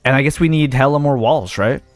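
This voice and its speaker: Young guy rambling to himself over a game, mid-pitched voice, dry close sound, faint music behind. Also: a little fast, dry recording. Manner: thinks aloud, talks himself in and out of ideas, trails off. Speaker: gaming video host. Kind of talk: casual let's-play commentary.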